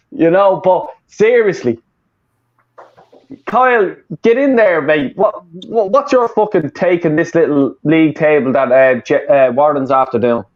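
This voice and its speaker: A Dublin man with an Irish accent co-hosts as a football fan, casually ranting and swearing plenty. His voice is fairly high and he takes his time, and the audio is muffled and lo-fi.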